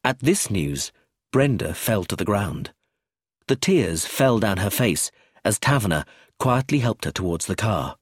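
A man reading a novel aloud as an audiobook narrator, in an expressive scripted way. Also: on the low side, unhurried, slightly rough, no echo, studio quality.

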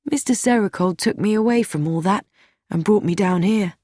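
A woman's voice: mid-range voice, moderate pace, dark tone, dry recording, clean studio sound, natural voice. A woman reading an audiobook, voicing a sad, anxious young man who pleads and pities himself. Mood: pleading. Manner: pleading, self-pitying.

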